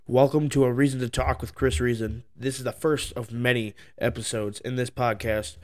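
A man's voice: mid-range voice, level tone, moderate pace. A man hosting his own podcast, ranting heatedly about a topic into the microphone, swearing constantly. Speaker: podcast host. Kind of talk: solo profane rant podcast.

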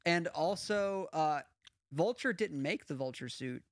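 A man's voice: fairly high pitch, lively intonation, a little slow, dry recording, studio quality. A man hosting a casual film discussion, talkative and laying out theories with frequent restarts.

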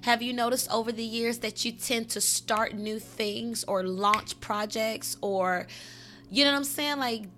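A woman's voice: on the high side, fairly even intonation, a little slow, fairly bright tone, faint music behind. A woman hosting a casual spiritual podcast, rambling and direct, often saying "you know" and swearing now and then. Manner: advising, direct, occasional swearing. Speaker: podcast host.

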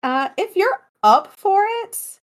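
Lively, giggly woman podcast co-host. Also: very high voice, slow pace. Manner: animated, giggly, bossy storyteller. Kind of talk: casual chat.

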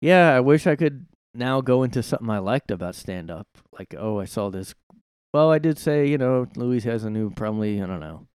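A man hosts his own podcast from his room, delivering a casual solo commentary rant that rambles, turns sarcastic, and is full of swearing. His mid-range voice is animated and a little fast, with a darkish, clean tone, captured in a dry, studio-quality recording.

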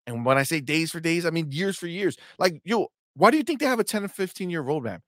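A young adult man co-hosting a gaming livestream, animated and profane, trash-talking rival fans and reading viewer chat aloud. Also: fairly high pitch, fast, dry recording, clean studio sound. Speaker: co-host of a gaming talk stream. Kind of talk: casual livestream banter.

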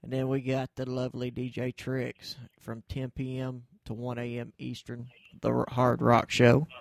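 A man's voice: mid-range voice, completely flat delivery, normal speed, creaky, no echo, clean studio sound. A man hosting a casual internet radio show, laid-back and playing along with callers. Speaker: host.

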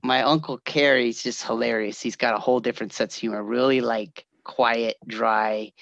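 A man telling family stories in casual chat, animated and quick to laugh, acting out the voices of the people in them. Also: medium pitch, gravelly, no echo, muffled recording. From California. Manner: animated storyteller, laughs often, acts out voices.

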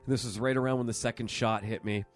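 A man's voice: medium pitch, steady tone, fast. A man co-hosting a podcast, chatting casually and poking fun at himself, with piano playing behind. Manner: self-mocking, laughing. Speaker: podcast co-host. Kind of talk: casual banter. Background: piano music.

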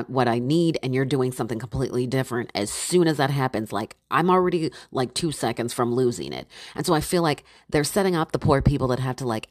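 A woman's voice: very deep voice, no echo, clean studio sound. A woman telling a story in a casual, exasperated rant, acting out what she and others said. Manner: exasperated, animated, acts out her own quotes.

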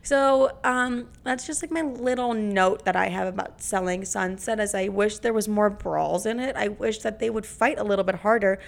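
Brash, creaky-voiced young woman podcaster. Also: medium pitch, moderate pace, hardly any pauses. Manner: brash, profane, dramatic. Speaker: podcast host. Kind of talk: casual podcast monologue.

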